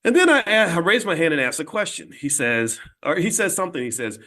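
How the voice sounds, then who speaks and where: A man's voice: on the high side, big pitch swings, a little fast, pushed and bright. A man hosting his own channel, telling stories in a blunt, emphatic, conversational way and often restarting his sentences. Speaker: host. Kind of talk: casual monologue storytelling.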